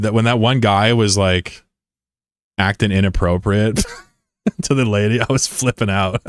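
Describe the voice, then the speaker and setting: A man from the United States chats live with his stream viewers in a blunt, profane way. His voice sits low, and the recording is dry and close, with no room sound. He argues readily with critics in the chat. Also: clean tone, dry recording. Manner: blunt and profane, often swearing; argumentative when answering critics. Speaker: livestreamer. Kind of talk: casual livestream chat with viewers.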